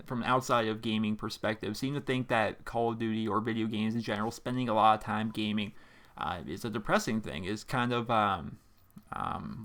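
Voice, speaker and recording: A man's voice: mid-range voice, fairly bright tone. Rambling casual man from Pennsylvania. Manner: rambling, informal, many fillers and restarts. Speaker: YouTube gaming host answering viewer letters. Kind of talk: casual to-camera chat. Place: home gaming room with a squeaky chair. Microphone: desk microphone in front of monitor.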